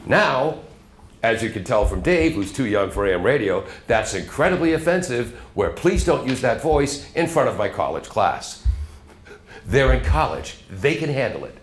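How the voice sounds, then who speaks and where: A middle-aged man, a radio host guest-lecturing a college class in a chatty, storytelling way. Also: medium pitch. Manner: chatty storyteller, slips into character voices.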